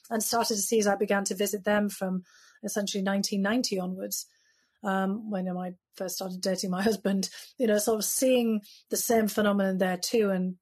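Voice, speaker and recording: A British woman in her fifties speaks as an interview guest, her voice slightly breathy and husky. She recalls the past in a reflective, storytelling way, often pausing with casual fillers. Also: medium pitch, darkish tone. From United Kingdom. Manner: reflective, storytelling, frequent "you know" fillers. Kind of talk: conversational interview.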